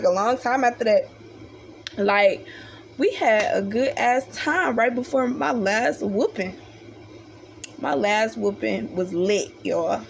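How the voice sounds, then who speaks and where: A woman's voice: fairly high pitch, slight background noise. A young woman telling a childhood story in a casual, profane storytime style, acting out the voices of her family. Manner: animated, profane, acts out the voices of family members.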